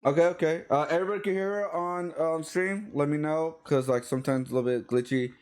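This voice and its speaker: A man's voice: on the high side, fairly even intonation, fast talker, a little mellow. A man hosting a live-streamed artist podcast, talking loosely with lots of fillers and restarts. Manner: loose and rambling, many fillers. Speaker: podcast host. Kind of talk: live-streamed casual interview.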